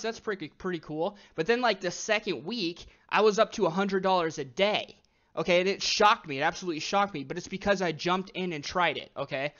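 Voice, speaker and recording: A young man coaching viewers in a casual, motivational talk, often saying "dude" and "okay" and growing excited as he goes. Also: a little high, dull audio. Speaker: online business coach.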